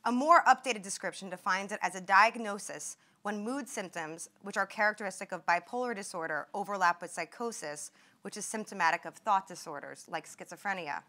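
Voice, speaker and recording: At a medical grand rounds, an invited woman in her twenties reads memoir passages in a sharp, mid-range voice that runs a little fast. The outbursts she quotes get acted out with rising intensity.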